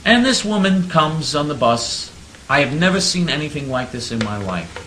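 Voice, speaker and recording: A man's voice: a little high, very animated, normal speed, sharp tone, reverberant, slight background noise, low-quality recording. A man hosting a talk radio show, telling stories in a mock-naive, sarcastic way. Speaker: radio host.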